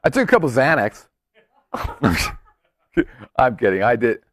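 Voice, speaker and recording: Male co-host, jokey and animated, lively pitch, dry close mic. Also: unhurried, dry recording. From Las Vegas. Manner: joking, playful, animated. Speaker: podcast co-host. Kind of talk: casual chat.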